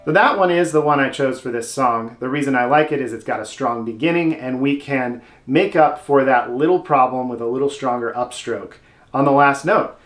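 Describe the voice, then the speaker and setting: A man's voice: mid-range voice, moderate pace, soft background music. Man teaching mandolin in a roomy space. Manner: friendly, explains step by step with playful asides. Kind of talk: instructional video lesson. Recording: roomy sound with loud mandolin playing. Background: mandolin playing.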